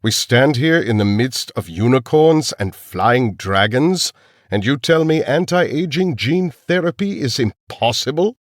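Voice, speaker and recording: A man's voice: medium pitch, no echo, clean studio sound, voice pushed up, close to an everyday voice. Man putting on a cold old villain doctor. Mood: menacing. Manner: calm, menacing, slow. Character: cold elderly male villain scientist.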